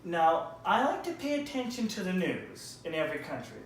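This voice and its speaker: A man from Canada performing a stand-up comedy set, animated and slipping into quick character voices. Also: sits high, very echoey, distant mic, a little hiss or hum.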